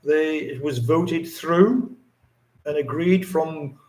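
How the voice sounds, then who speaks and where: An Englishman hosts a casual livestream from his home in the Philippines, rambling, chatting and reading viewer comments aloud. His voice is a little high and a little mellow, and he speaks at a slow pace. It's picked up by a phone or camera mic.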